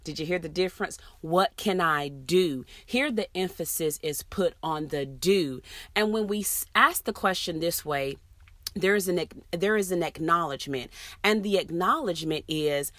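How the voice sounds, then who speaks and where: A woman's voice: fairly low pitch, moderate pace, a bit bright, dry recording. A woman, giving an earnest, emphatic motivational talk to fellow teachers. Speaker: educator addressing teachers.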